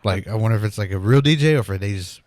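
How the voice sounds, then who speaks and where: Easygoing podcast host, low voice. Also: male voice, darkish tone, dry recording, studio quality. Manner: easygoing, asks questions, quick laughs. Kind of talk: casual interview chat.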